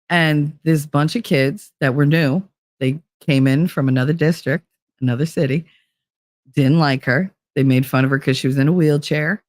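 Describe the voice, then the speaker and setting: A middle-aged woman, telling stories on a podcast in an animated, blunt way, swearing freely and acting out dialogue. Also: deep voice, no echo, studio quality. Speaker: podcast co-host, former teacher. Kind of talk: storytelling chat.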